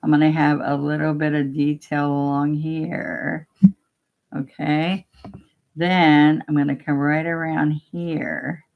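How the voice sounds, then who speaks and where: Woman, painting instructor, casual demo walk-through, thinks aloud, gravelly, slow-paced. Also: low-pitched, little pitch movement, narrow, tinny audio. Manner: chatty, talks to herself while working, gently coaxing.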